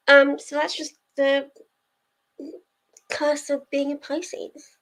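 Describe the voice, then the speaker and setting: A young woman hosts a relaxed livestream and talks to her viewers in a chatty, rambling way. Her voice sits a little high. She takes her time over her words. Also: measured pace, vocal fry. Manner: chatty, rambling, answers chat messages. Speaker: livestream host of reading sprints. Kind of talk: casual chat with live viewers.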